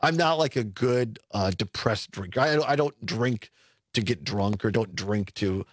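A man's voice: lowish voice, measured pace, no room sound, clean studio sound. A middle-aged man hosting a radio talk show, chatting casually with frequent chuckles and self-corrections. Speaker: radio host. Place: radio studio. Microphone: studio mic.

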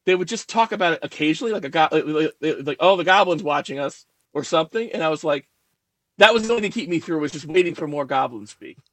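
A man's voice: fairly high pitch, animated, quick pace, fairly bright tone, no room sound. A man being interviewed as a guest writer, rambling with many fillers and laughing at himself.

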